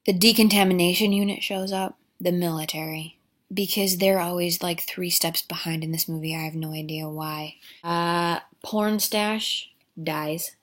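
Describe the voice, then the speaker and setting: A woman's voice: on the low side, fairly even intonation, a little slow, fairly bright tone. A woman giving a crude, sarcastic comedic recap of a movie, rambling with asides.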